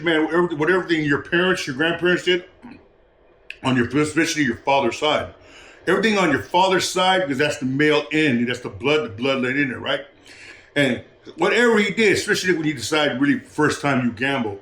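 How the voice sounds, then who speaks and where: Cussing guy preaching and rambling, kinda high voice, roomy echo. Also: a bit bright. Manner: preachy, profane, rambling with restarts. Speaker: podcast guest. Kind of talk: casual street talk.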